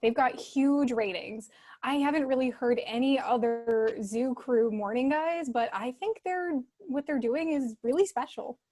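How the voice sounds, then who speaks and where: A woman reading the part of an eager, peppy town official in a script reading. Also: high-pitched. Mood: upbeat. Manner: bubbly, rapid excited delivery. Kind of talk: script reading over video call.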